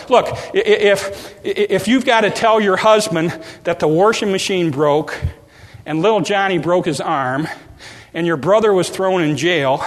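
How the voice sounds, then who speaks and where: A man's voice: sits high, fairly bright tone, in a large hall. A man preaching a sermon in a folksy, humorous way, acting out little everyday scenes. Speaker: pastor.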